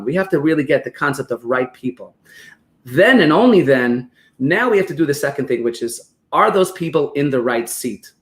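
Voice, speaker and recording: A man with a New York accent, a guest on a podcast interview, explaining business ideas through animated stories and acted-out quotes. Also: medium pitch. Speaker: guest expert on business operations.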